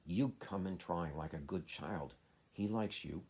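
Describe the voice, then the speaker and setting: A man doing a hurried frightened nurse. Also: low-pitched, a little mellow, breathy edge, heavily acted. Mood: urgent. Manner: hurried, urgent pleading.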